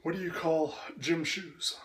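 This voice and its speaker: A Canadian man in a sasquatch persona, reading a word list and answering questions in a deadpan, smart-aleck way. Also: on the high side, unhurried, a little hiss or hum. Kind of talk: casual accent-tag word list.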